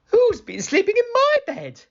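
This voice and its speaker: A man's voice: extremely high pitch, huge pitch swings, a little slow, creaky, lo-fi sound, pitched above the performer's own voice, heavily acted. A man voicing a middle-sized, motherly mother bear who asks plain questions in a storybook reading. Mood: indignant.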